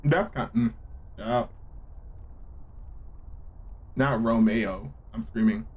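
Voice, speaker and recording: A man streaming a game live, reacting with loud, profane exclamations and joking with his chat in slang. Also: mid-range voice, a little slow, husky. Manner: slangy, playful banter with chat. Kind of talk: live gameplay reaction commentary.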